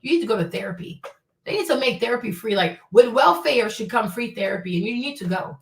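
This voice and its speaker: A woman's voice: on the high side, lively intonation, fast. A woman hosting her own show, ranting casually in a blunt, profane, indignant way. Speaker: show host. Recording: roomy sound, mic at a distance.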